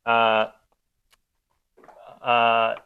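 A man's voice: mid-range voice, completely flat delivery, extremely slow, smooth, phone-quality sound. A man giving a live lecture on stage, chatty and self-deprecating, with many fillers.

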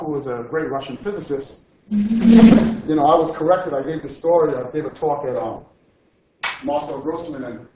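Man lecturing in an echoey hall. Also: fairly high pitch. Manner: digressive and joking, with frequent "okay?" check-ins. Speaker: physics professor giving a lecture. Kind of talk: informal academic lecture. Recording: echoey lecture hall from far off with faint noise.

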